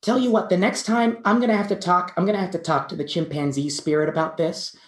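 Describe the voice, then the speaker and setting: A woman voicing a gentle, polite female bush baby spirit in a tabletop role-play, talking in a hesitant, apologetic way. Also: on the low side, fairly even intonation, fast talker, lightly acted. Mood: chatty. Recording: roomy echo.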